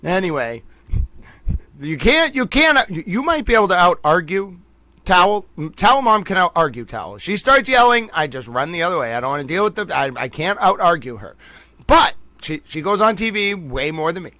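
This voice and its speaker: High-voiced guy on a livestream, playful, laughs a lot, super dry close sound. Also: big pitch swings, moderate pace, bright, forceful tone, dry recording. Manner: playful, laughs often, mock-dramatic. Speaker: livestream host. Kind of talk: casual livestream chat.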